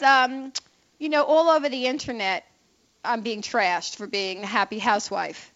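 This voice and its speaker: High-voiced opinionated talk radio hostess. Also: female voice, a bit bright. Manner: brash, opinionated, quick asides. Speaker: radio talk show host. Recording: dull lo-fi radio broadcast.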